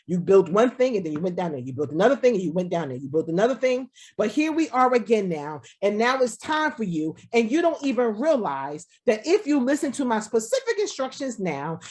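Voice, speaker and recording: A woman pastor preaching a sermon over a video call, repeating lines and speaking as God in the first person. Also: a little high.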